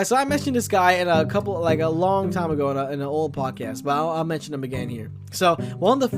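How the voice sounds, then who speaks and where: A young man hosting a podcast, telling a comedic story in a rambling way full of restarts. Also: high-pitched. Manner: rambling, many restarts and fillers. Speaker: podcast host. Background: music.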